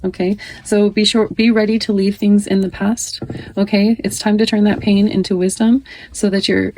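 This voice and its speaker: A woman's voice: medium pitch, little pitch movement, normal speed, a little mellow, slight background noise, poor audio. A woman in her thirties giving a casual, chatty tarot reading, often reading card text aloud.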